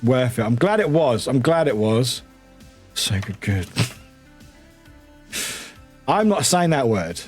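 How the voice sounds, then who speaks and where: A man's voice: mid-range voice, sing-song, slow, pauses often, darkish tone, slightly rough. A man from the United Kingdom, a streamer, chatting casually with viewers, laughing often, swearing and reading chat aloud. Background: faint background music.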